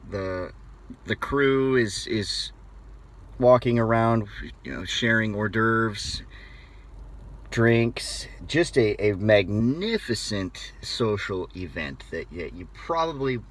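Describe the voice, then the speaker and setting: Low-voiced American man telling a story. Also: takes it slowly. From United States. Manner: animated, conversational, with frequent restarts. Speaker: motivational speaker. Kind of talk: casual storytelling.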